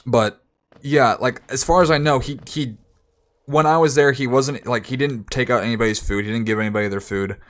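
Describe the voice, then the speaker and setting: A man's voice: medium pitch, brisk. A young man streaming, telling a story in casual, rambling talk full of restarts, sometimes acting out other people in raised voices.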